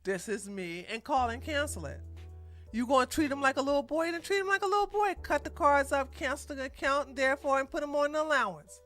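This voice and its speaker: A woman's voice: high voice, brisk, a bit bright, soft background music. A woman co-reacting to a clip, giving blunt, mocking relationship advice. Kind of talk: casual reaction commentary.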